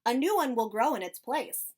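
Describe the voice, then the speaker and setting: Man in drag doing a calm mother pig. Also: extremely high pitch, moderate pace, slightly rough, exaggerated voice. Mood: reassuring. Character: patient, reassuring mother pig.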